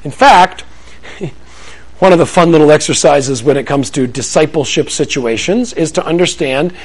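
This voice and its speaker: A high-voiced man preaching on parenting to a live crowd. He speaks in a conversational, animated way, often slipping into little acted-out scenes. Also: normal speed. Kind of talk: sermon-style teaching to a live audience.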